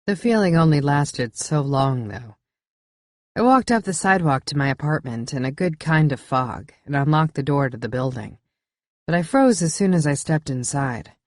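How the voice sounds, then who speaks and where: An audiobook narrator with a low voice reads a first-person thriller at normal speed, her intonation lively. The recording is dry and clean, made in a studio.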